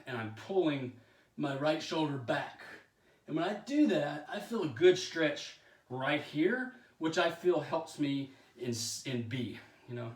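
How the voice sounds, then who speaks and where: A man chatting casually while demonstrating yoga poses, out of breath and often clearing his throat, self-deprecating about his flexibility. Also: mid-range voice. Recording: echoey room, voice from a distance.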